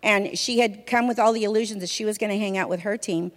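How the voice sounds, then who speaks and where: A woman from a church sharing her testimony in a conversational, expressive way, often saying "you know". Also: mid-range voice, fast talker. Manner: fills speech with "you know", vivid and expressive. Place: church hall. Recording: reverberant hall.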